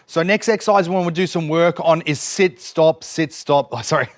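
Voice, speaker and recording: A man's voice: fairly high pitch, normal speed, dry recording, clean studio sound. A man demonstrating dog training outdoors, explaining each step while giving his dog short cues and praise. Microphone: camera set up nearby.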